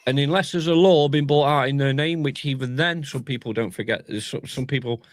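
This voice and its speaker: Fast-talking man. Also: medium pitch, dry recording, studio quality. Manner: emphatic, stumbling restarts. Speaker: panel guest. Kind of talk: casual panel discussion.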